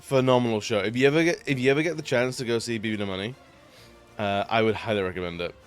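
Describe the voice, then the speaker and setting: A man's voice: mid-range voice, fast talker, clear, resonant tone, soft background music. A young man in his twenties chatting casually on a live stream, rambling and laughing often. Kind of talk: casual chat.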